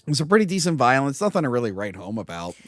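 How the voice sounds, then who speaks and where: Brief: lively, ranting co-host, big swings in pitch, close dry mic. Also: dry recording, faint music behind. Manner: animated, ranting, quick to laugh. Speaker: podcast co-host. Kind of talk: casual movie review chat.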